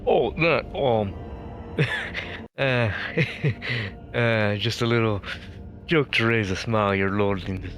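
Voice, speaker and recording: A man doing a rough, drunken pirate thug. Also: lowish voice, slow pace, fairly bright tone, soft background music. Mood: sly, threatening. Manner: fawning, mock-humble, stumbling. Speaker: player.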